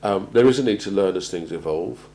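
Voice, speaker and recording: A man gives a measured talk on crisis planning, often pausing and repeating words as he goes. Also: deep voice, mellow, poor audio. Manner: measured, halting, repeats words while finding them. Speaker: presenter on organisational crisis planning. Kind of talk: prepared talk to an audience.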